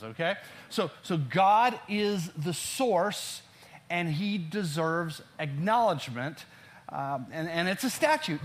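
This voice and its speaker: A man with a somewhat high-pitched voice delivers a sermon. He reads verses slowly and with emphasis, then explains them to the congregation. He repeatedly tells listeners to underline words in their Bibles. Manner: emphatic, slows down to read verses aloud. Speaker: pastor. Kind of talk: sermon teaching through scripture.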